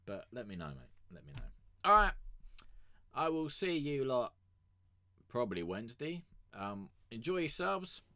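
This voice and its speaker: A man's voice: mid-range voice, big pitch swings, a little slow, long pauses, bright, forceful tone, no echo, studio quality. A young man streaming, telling a story casually in a rambling, crude, swear-heavy way. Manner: rambling and crude, swears a lot, with many fillers.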